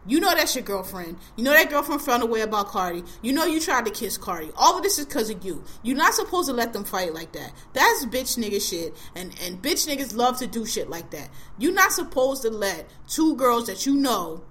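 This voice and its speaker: A woman's voice: a little high, big pitch swings, fairly quick, hardly any pauses, a bit bright, a little hiss or hum. A woman in her forties hosting a podcast, ranting bluntly and with heavy profanity in casual chat. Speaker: podcast host.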